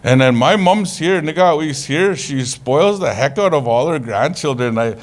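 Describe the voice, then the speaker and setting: A man presenting at a conference, talking casually, with jokes and lively storytelling. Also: a little high, normal speed. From Canada. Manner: casual, joking, animated storytelling. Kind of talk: conference talk.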